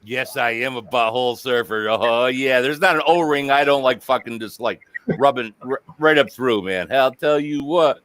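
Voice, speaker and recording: A man's voice: mid-range voice, moderate pace, a bit bright, dry recording. A man hosting a casual live-stream chat, joking crudely and swearing freely. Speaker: host.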